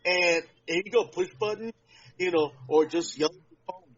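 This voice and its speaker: Heard through dull, lo-fi podcast audio, a high-pitched man with a breathy edge co-hosts a casual chat. He talks for a long stretch, leaning hard on each point with emphatic, drawn-out emphasis.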